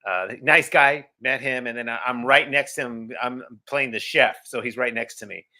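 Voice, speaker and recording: A man chatting as a guest on a sports podcast, excitable and hyped. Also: mid-range voice, moderate pace. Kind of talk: casual sports podcast chat.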